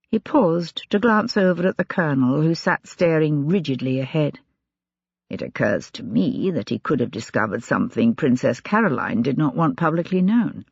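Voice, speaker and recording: An audiobook narrator reads at a measured, steady pace with a slightly husky voice. The recording is dry, with no room sound, and a little dull in tone. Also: mid-range voice, no room sound.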